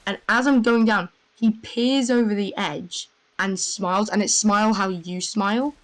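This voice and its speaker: A young woman telling a rambling, excitable story in casual voice chat, full of fillers. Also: medium pitch, normal speed, low-quality recording. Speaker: gamer.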